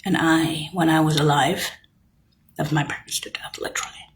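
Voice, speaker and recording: A woman's voice: low-pitched, steady tone, normal speed. A woman delivering an angry, profane, rambling rant straight to the listener. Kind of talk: unscripted rant to camera.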